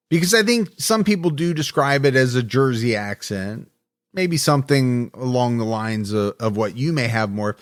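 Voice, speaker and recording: Measured man narrating true crime, dry studio sound. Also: mid-range voice, no echo. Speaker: podcast co-host.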